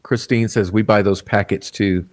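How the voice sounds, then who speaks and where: A man's voice: lowish voice, steady tone, moderate pace, a little mellow. A man hosting a casual livestream, reading viewer comments aloud in a laid-back, rambling way, chuckling often. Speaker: livestream host.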